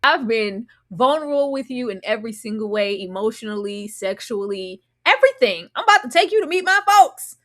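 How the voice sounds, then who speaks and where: A woman giving animated, sassy commentary recapping a reality show, often mocking the cast in put-on voices. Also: fairly high pitch, a little fast, hardly any pauses.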